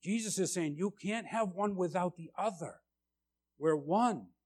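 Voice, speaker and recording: Male preacher, slightly high voice, slow and deliberate, emphatic sermon delivery. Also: darkish tone, husky. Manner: emphatic, repeats "right?" to check in with listeners; slow, deliberate delivery with rising, urgent stresses.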